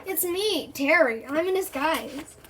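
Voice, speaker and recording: A woman's voice: high-pitched, expressive, takes it slowly, fairly bright tone, recorded from a distance, slight background noise, heavily acted. A woman reading the lines of a playful, teasing boy who loves pranks, in an ordinary storybook reading voice. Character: playful boy Terry, joking prankster friend.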